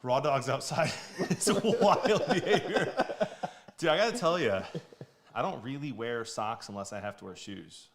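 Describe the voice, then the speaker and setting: Male stream host, mid pitch, very animated delivery, upbeat joking banter from a home kitchen. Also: a loud crowd. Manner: upbeat, joking, quick to laugh. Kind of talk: casual live-stream chat.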